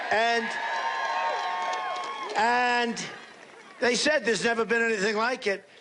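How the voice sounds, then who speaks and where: A man giving a campaign rally speech as a political candidate, boastful and rambling, repeating himself in punchy short phrases that he often shouts. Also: very high-pitched, steady tone, slow, pauses often, a faint crowd, a little hiss or hum. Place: large rally space.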